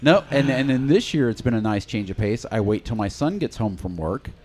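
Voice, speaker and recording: A middle-aged man at a mid pitch hosts a relaxed podcast conversation. He jokes freely and breaks into laughter easily. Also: fairly quick. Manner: jokey, laughs often. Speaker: podcast host. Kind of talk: casual chat.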